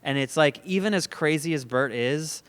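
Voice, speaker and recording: A man hosting a podcast, chatting in a relaxed way with lots of "like" fillers, recorded indoors at a comedy club. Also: on the high side, normal speed, clean tone. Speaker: podcast host. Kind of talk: casual podcast chat.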